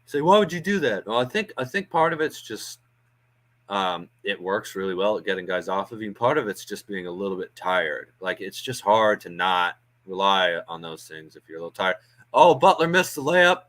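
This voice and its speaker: Low-voiced man giving casual play-by-play. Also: big pitch swings, moderate pace, fairly bright tone. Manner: chatty, thinks aloud with frequent ums and uhs. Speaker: watch-along host doing play-by-play. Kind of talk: casual live play-by-play commentary. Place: home watch-along stream.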